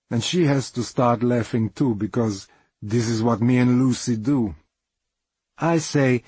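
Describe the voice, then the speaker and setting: Husky, slow-spoken middle-aged man storyteller. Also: mid-range voice, darkish tone, dry recording. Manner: plain non-native English, dropped articles. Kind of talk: dramatic first-person monologue.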